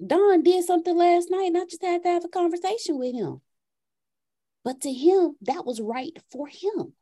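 A woman hosting a podcast, telling a casual story in an animated way and acting out a dialogue with her son. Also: extremely high pitch, normal speed. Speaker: podcast host.

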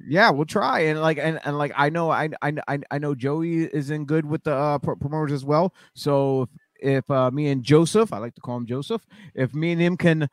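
High-voiced stammering male podcast host. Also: moderate pace, dry recording, studio quality. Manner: rambling, stammering restarts. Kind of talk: casual podcast chat.

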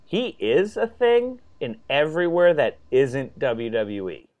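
A man co-hosting a casual podcast, animated and swearing freely. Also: mid-range voice, a little slow. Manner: animated, swearing, acts out quotes. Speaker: podcast co-host. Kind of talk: casual chat.

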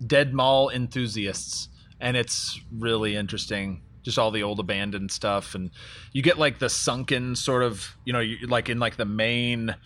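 A man's voice: medium pitch, fairly even intonation, moderate pace, fairly bright tone. A man who is a guest on a podcast, chatting casually in a rambling, self-deprecating way with many fillers. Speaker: guest musician. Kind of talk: casual chat.

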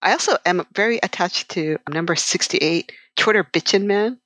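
A woman's voice: on the low side, moderate pace, a bit bright, no room sound. A woman co-hosting a comics podcast in casual chat, giggly, quoting lines in voices. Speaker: podcast co-host.

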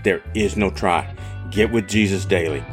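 A man preaches a sermon in a fairly low voice. He drives his points home with emphatic repetition and steady conviction. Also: moderate pace, faint music behind.

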